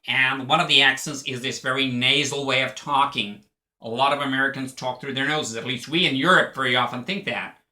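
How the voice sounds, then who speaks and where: A man's voice: medium pitch, steady tone, fairly quick, sharp tone. A man with an Irish accent giving a chatty spoken lesson and explaining things as he goes. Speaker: English teacher. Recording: echoey room.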